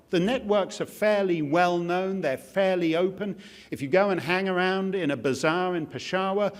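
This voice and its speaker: A man giving a keynote speech in an auditorium, with a sardonic, jokey delivery. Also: a little high. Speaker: keynote speaker. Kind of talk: public speech.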